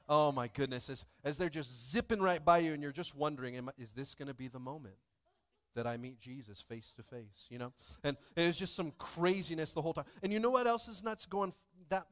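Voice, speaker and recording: A man in his thirties preaching a sermon in a church, full of jokes and playful asides to the congregation, swinging between loud bursts and soft asides. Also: on the high side. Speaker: pastor. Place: church sanctuary.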